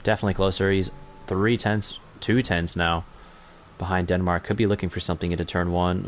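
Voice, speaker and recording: A man's voice: low voice, little pitch movement, brisk, slight background noise. A young man commentating an online racing league in a chatty, self-correcting way that picks up during on-track battles. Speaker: race commentator.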